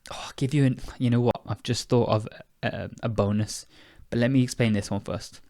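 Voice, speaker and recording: Speaking at a brisk clip in a mid-range, slightly mellow voice with a steady tone, a young British podcast host and English teacher leads his English-learning show. He comes across as tired, casual and chatty, self-correcting and laughing at himself. He's from the United Kingdom, and the recording is dry and studio quality.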